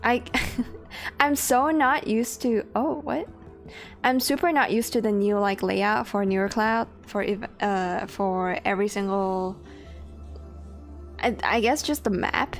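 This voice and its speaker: A young woman with a mid-range voice streams a game, talking slowly with fairly even intonation. She chats casually, rambling, swearing and laughing as she greets her chat, with faint game music underneath.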